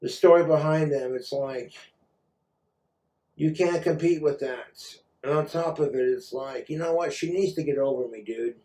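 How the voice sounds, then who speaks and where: A man's voice: on the high side, moderate pace, mellow. A man vlogging in a rambling, profane rant while he has been drinking. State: drinking, tipsy.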